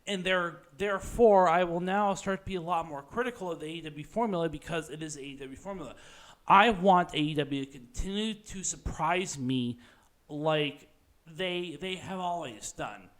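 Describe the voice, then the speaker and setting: A man's voice: on the high side, moderate pace, fairly bright tone. A man co-hosting a podcast in casual chat, agreeing often but giving critical opinions. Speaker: podcast co-host. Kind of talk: casual wrestling review chat.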